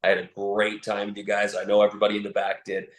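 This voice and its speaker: A man's voice: fairly low pitch, completely flat delivery, fast, reverberant, poor audio. A man from Canada, a professional wrestler as a podcast guest, speaking in an earnest, heartfelt way and saying "y'all". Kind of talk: casual interview chat.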